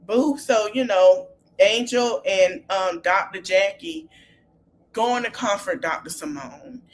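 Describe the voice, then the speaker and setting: A woman podcast host casually recapping reality TV scenes, animated and laughing often as she retells what the cast said. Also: medium pitch, takes it slowly.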